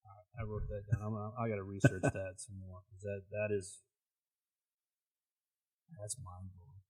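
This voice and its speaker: Husky low-voiced podcast host, stammering. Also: male voice, level tone, moderate pace, darkish tone. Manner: stammering, enthusiastic questioner. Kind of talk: casual interview.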